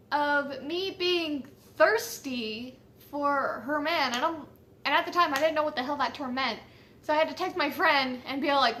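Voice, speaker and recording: A woman's voice: sits high, bright, forceful tone. A woman casually telling a personal story, chatty and swearing freely, laughing at how silly it was.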